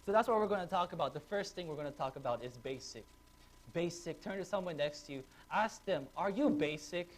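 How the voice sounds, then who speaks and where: A man, a pastor, preaching a sermon to a congregation, telling stories in an animated way and laughing often. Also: on the high side, a little fast. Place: church, before a congregation.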